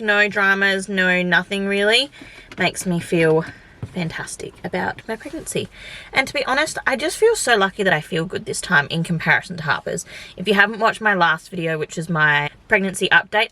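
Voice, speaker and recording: A woman's voice: on the low side, pushed and bright. A young woman vlogging in a casual, rambling chat to camera, filling her talk with "like". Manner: chatty, rambling, full of "like" fillers.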